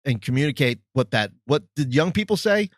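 Calm thoughtful guy pausing to find words, mid voice, dry sound. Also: medium pitch, no echo. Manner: measured, thoughtful, searches for words. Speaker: former youth pastor. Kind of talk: reflective podcast chat.

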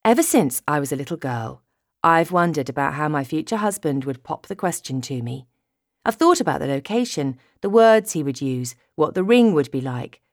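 Low, lively woman audiobook narrator. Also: moderate pace, dry recording, studio quality. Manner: expressive, storytelling. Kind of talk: first-person audiobook narration.

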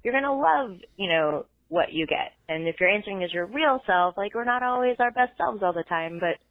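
A woman's voice: mid-range voice, expressive, fairly quick, no room sound. Woman calling in to a podcast, chatty with lots of ums, tinny phone sound. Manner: chatty, filler-heavy. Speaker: caller. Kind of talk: voicemail call-in. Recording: dry tinny phone line.

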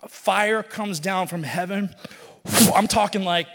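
A man preaching a sermon in a casual, animated storytelling way, full of slang and humor. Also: sits high, slow, vocal fry. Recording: long hall reverb.

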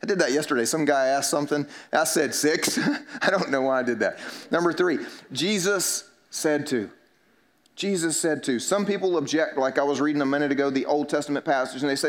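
A man with a fairly high voice preaching from the pulpit as a pastor. He talks to the congregation casually, slipping in jokes and acting out short made-up exchanges to make his points. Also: moderate pace. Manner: conversational preaching with humor and mock dialogues. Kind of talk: sermon.

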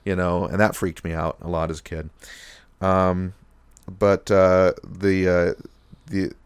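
A man's voice: sits low, level tone, slow pace, smooth, no room sound. A man co-hosting a podcast, recapping a TV episode in a rambling casual chat full of fillers and acted-out quotes. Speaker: podcast co-host.

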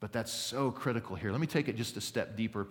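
A man's voice: lowish voice, fast talker. A man preaching a sermon as pastor, earnest and building emphasis as he tells a story. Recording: reverberant hall.

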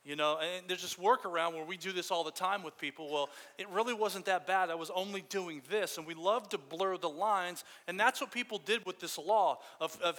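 A man preaching a casual, story-driven sermon, his voice bright and a touch higher than most. The sound rings with a long hall reverb behind him. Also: brisk, hardly any pauses.

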